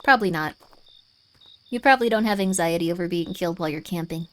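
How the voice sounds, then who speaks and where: A woman's voice: fairly low pitch, quick pace, fairly bright tone. A woman streaming a game live, chatting playfully and reading the on-screen text aloud. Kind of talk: live-streamed gameplay commentary.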